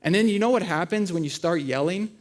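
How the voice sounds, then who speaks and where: Preaching in a church auditorium, a pastor in his thirties weaves funny family anecdotes into a conversational sermon, performing the voices as he goes. He has a high, expressive voice and a brisk pace.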